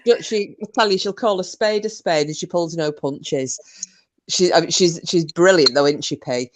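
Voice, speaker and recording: A woman's voice: on the low side, normal speed, rough recording. A woman hosting a casual livestream, telling gossip with lots of swearing and laughter. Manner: animated gossiping storyteller, swearing, laughing often. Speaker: livestream host.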